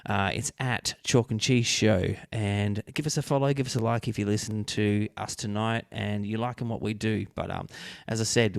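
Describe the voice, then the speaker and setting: A man with an Australian accent co-hosts a casual talk show, upbeat and chatty, joking at his own expense. His voice sits low. The recording is dry and close. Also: gravelly, a little mellow, dry recording. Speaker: co-host. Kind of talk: casual podcast chat.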